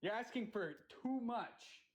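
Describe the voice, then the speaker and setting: High-voiced man ranting angrily. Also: animated, a little slow, rough recording. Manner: angry, swearing, ranting. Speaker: livestream host. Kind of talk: heated livestream argument.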